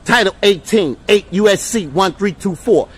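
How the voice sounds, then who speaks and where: A man in a heated street confrontation, shouting and taunting with profane insults. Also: high voice, lively intonation, normal speed, husky. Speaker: man confronting police officers.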